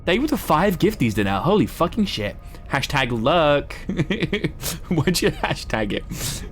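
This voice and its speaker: At a measured pace, a very animated man commentates live gameplay in a casual, chatty way, cursing freely. He's a streamer from Southwest England with a fairly high voice and an English accent shaded by American influences.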